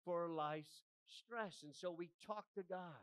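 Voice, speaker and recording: A male pastor in his forties preaching a sermon, often asking the congregation for an amen and building to loud, emphatic peaks. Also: on the high side, takes it slowly, clean tone, no echo, low-quality recording. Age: 40s.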